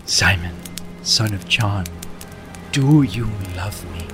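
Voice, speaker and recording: A man voicing Jesus as a gentle, loving grown man, asking his questions slowly and tenderly. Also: medium pitch, expressive. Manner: soft, slow, tender questioning. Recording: clear background music under voice.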